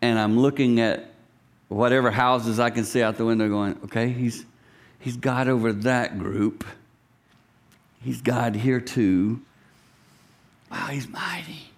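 Middle-aged male pastor, sermon, animated delivery that dips into whispers, mid pitch. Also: unhurried. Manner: animated, swings from loud to hushed whispers, acts out voices.

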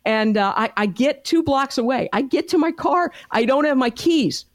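A woman's voice: high voice, expressive, normal speed, no echo, studio quality. A middle-aged woman activist, a guest in an interview, telling a story in a fervent, emphatic, rallying way. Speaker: pro-life activist guest.

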